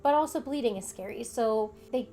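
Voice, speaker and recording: A woman's voice: on the high side, normal speed, warm tone, a little hiss or hum. A young adult woman vlogger candidly telling a personal story in casual conversation, acting out what others said. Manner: candid, conversational, retells events with quoted dialogue.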